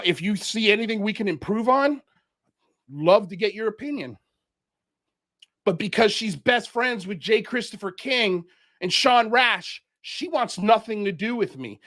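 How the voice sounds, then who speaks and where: A man from Miami, United States, hosts a livestream and rants through heated commentary, calling people out. His voice is high and fairly bright.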